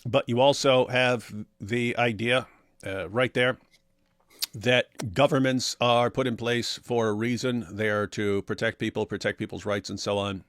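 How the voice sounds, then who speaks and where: A middle-aged man riffs sarcastically through viewer comments on a live stream. His pitch sits mid-range. The sound is dry and close, with no room echo. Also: fairly even intonation, unhurried, fairly bright tone. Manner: sarcastic, mocks comments with exaggerated voices and laughs. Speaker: co-host of an apologetics talk stream.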